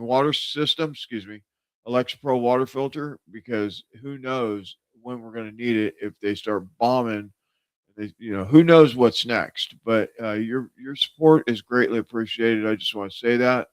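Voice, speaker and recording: A man's voice: mid-range voice, moderate pace, clear, resonant tone, no echo. A man hosting a live stream in casual chat, rambling with many fillers and self-corrections. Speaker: host of a live show.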